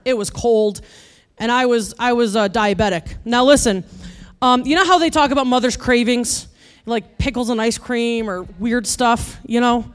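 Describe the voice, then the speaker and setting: A woman preaching with a funny personal story, animated and building to loud exasperated rants. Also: fairly high pitch, smooth. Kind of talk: humorous sermon storytelling.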